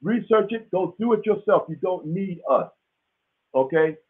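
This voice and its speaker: A man's voice: high-pitched, expressive, unhurried, breathy edge. A man hosting a live business webinar in a casual, folksy, emphatic way, often checking in with his listeners, his throat dry. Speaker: webinar host teaching business credit. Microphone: webinar call audio. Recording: tinny phone-like webinar audio.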